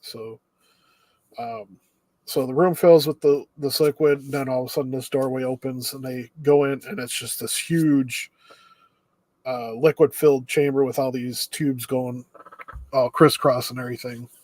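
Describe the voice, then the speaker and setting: Young man, mid pitch, dry close sound; even-paced plot summarizer. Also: normal speed, no room sound. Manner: steady plot summarizer with ums and uhs. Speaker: anime review podcast co-host. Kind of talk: casual chat.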